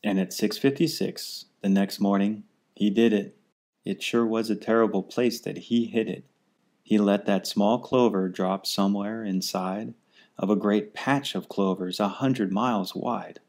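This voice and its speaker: A man reading a rhyming children's story aloud in an unhurried, steady way. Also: on the low side. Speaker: storybook reader.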